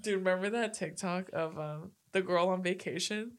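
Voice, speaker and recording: A woman's voice: fairly low pitch, moderate pace. A woman co-hosting a podcast, telling stories in casual chat and acting out the people she quotes. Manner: animated storyteller, acts out quotes, swears. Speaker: podcast co-host.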